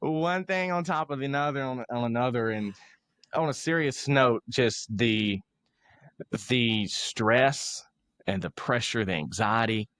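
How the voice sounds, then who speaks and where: A man's voice: medium pitch, a little slow, fairly bright tone, no echo, studio quality. Man telling a self-mocking story. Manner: self-mocking, laughs at himself, acts out other people's lines. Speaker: motivational speaker, podcast guest. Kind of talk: casual storytelling interview.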